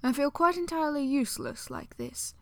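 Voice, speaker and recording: A woman voicing a refined, wry gentleman in a storybook reading, with elegant, precise phrasing. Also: high voice, wildly swooping pitch, fairly quick, no room sound, voice pushed up, full character voice. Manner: elegant, precise, slightly sardonic.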